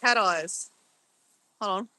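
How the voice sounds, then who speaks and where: A woman's voice: medium pitch, takes it slowly, bright, forceful tone, low-quality recording. A middle-aged woman chatting casually on a live stream from a phone held at arm's length, playful and giggly as she exclaims over camera filters. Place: outdoors near a beach.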